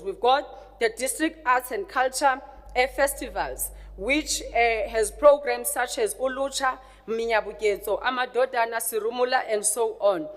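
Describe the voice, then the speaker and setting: A government official, a woman with a slightly high voice, reads a formal budget speech to a legislature at a measured pace, hesitating a little over some names. The large legislative chamber gives the recording a long reverb.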